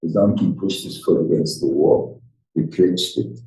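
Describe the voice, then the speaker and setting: An older man giving a rambling, halting Torah class, restarting his sentences often. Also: sits low, dark tone, a little hiss or hum. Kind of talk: informal Torah lecture. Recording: echoey room, voice far from the mic.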